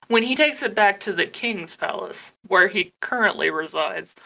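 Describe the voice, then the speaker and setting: A woman's voice: medium pitch, sing-song, measured pace, creaky, sharp tone. A young woman co-hosting a casual chat, emphatic and swearing casually. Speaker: podcast co-host.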